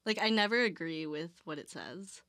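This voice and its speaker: A woman's voice: on the low side, expressive, normal speed, fairly bright tone, dry recording, clean studio sound. A young woman co-hosting a casual chat, curious and full of hesitant fillers as she asks questions. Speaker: co-host.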